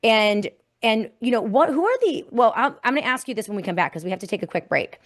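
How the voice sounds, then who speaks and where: A woman's voice: a little high, big pitch swings, quick pace. A woman hosting an interview, affirming her guest and speaking conversationally. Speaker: host.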